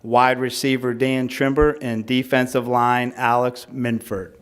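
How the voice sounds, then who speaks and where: A middle-aged man coaching a school football team hands out awards at a banquet. His voice is smooth and resonant and his pitch stays flat and even. He draws out each player's name and wanders into friendly asides. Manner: announces names slowly, rambling asides with fillers.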